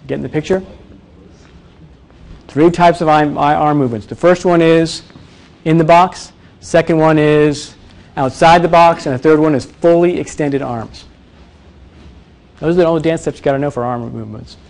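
A man teaching presentation skills to a live audience, energetic and demonstrative, often quizzing the room. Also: on the high side, moderate pace, gravelly, long pauses. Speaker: presentation coach. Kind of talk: live workshop talk.

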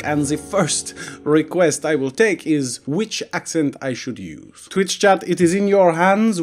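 A man's voice: fairly high pitch, a little mellow, lightly acted. A man voicing a mock-fancy French-accented artist, theatrical and self-mocking. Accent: put-on French.

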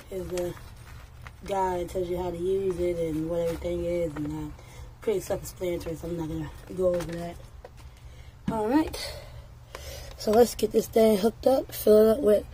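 A woman with a lowish, mellow voice gives a chatty, casual product review. Outdoors, she coaxes her dogs in a high sing-song, at times far from the mic, with steady noise behind her.

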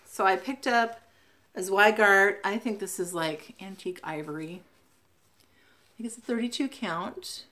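A woman's voice: mid-range voice, measured pace, bright, forceful tone. A woman from the West Coast of the United States, chatting casually in a show-and-tell vlog, spelling out names letter by letter with frequent ums. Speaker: Flosstube vlogger.

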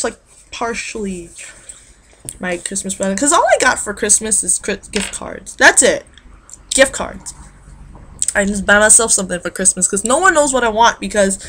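A woman's voice: mid-range voice, a bit bright. A young woman vlogger chatting casually about makeup favorites, rambling with lots of fillers. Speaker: beauty vlogger. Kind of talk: casual chat.

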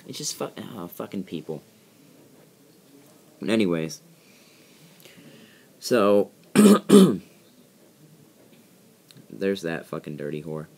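A man's voice: low-pitched, wildly swooping pitch, takes it slowly, vocal fry, pauses often, darkish tone. A teenage boy ranting with lots of swearing and rambling fillers while he commentates over gameplay. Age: teens. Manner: profane, irritated ranting. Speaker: gaming channel host. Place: bedroom.

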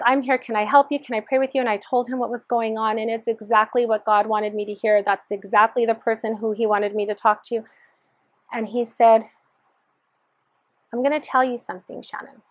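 A woman's voice: fairly high pitch, dry recording. A woman sharing her personal testimony in an earnest storytelling manner, re-enacting the dialogue as she recalls it.

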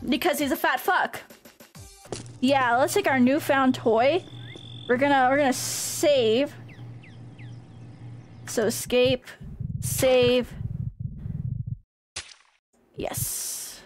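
A woman's voice: high voice, drawn-out words, pauses often, soft background music. A woman streaming a game, chatting casually, giggling often and cooing in baby talk at her dog. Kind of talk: casual gameplay commentary.

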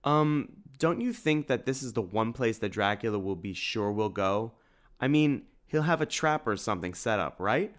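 A man's voice: lowish voice, expressive, moderate pace, natural voice. A man voicing an eager, chatty young boy who cracks jokes, in an audiobook reading. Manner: chatty, jokey.

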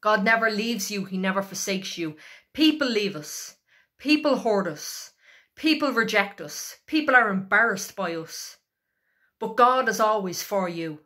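A woman's voice: medium pitch, lively intonation, unhurried, bright, forceful tone. A woman preaching an exhorting sermon, emphatic and repetitive as she urges listeners on.

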